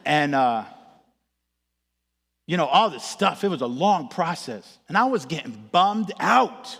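A man's voice: a little high, unhurried, gravelly, pauses often, breathy edge. A man preaching, telling a funny personal story and acting out the voices of others. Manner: animated, comic storytelling, acts out voices. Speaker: pastor. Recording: echoey hall.

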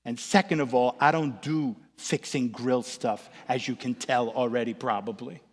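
Animated preacher man in an echoey hall. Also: mid-range voice, moderate pace. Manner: animated, comic storytelling, acts out voices. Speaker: pastor. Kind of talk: sermon with personal storytelling.

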